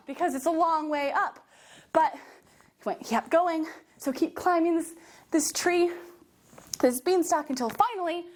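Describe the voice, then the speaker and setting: A young woman teaching a children's movement storytelling class, giving animated, coaxing, sing-song instructions. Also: high voice. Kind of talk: guided movement storytelling for kids.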